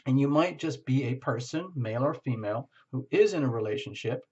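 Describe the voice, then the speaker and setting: A man's voice: mid-range voice, expressive, fairly quick, darkish tone, slightly rough. A man doing a tarot reading, talking frankly and searching aloud for the right words. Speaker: tarot reader. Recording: slightly muffled lo-fi recording.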